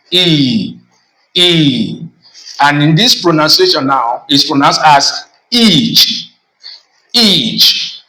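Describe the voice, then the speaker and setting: A man, a pastor, giving a lesson on Hebrew vowels, speaking deliberately and repeating each sound. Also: on the high side, pushed and bright. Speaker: pastor teaching biblical Hebrew. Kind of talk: classroom lesson. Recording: echoey room, distant from mic.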